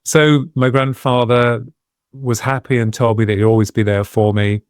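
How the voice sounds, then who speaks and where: A man, a guest on a talk podcast, telling a personal story in a reflective, meandering way with pauses and restarts. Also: mid-range voice, flat delivery, clean tone, no echo, clean studio sound. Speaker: guest, medium and UFO researcher. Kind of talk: casual podcast interview storytelling.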